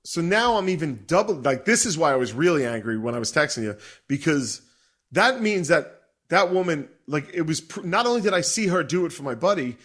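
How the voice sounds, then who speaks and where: A middle-aged man telling a story in a casual, profane and animated way, laughing as he goes. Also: a little high, brisk. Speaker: podcast co-host.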